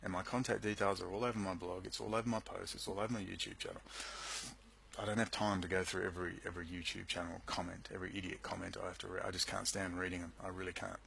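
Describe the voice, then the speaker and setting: A man's voice: low voice, little pitch movement, fast talker, creaky, fairly bright tone, slightly rough, poor audio. A man speaking into his computer microphone, delivering an agitated, sarcastic rant to his viewers. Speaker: video blogger. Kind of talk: angry monologue to camera. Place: at home at a computer.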